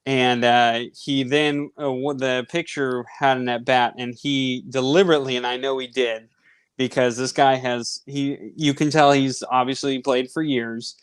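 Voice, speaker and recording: Male podcast host, thirties, mid-pitched and clear-toned, telling a loose, filler-heavy story. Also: unhurried, dry recording. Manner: rambling, animated anecdote with many fillers. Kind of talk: casual storytelling.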